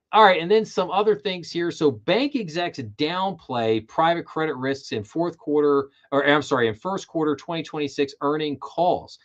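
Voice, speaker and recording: A man with a slightly high voice hosts a financial news livestream, reading banking headlines aloud over dull audio. After each one he riffs casually with frequent fillers.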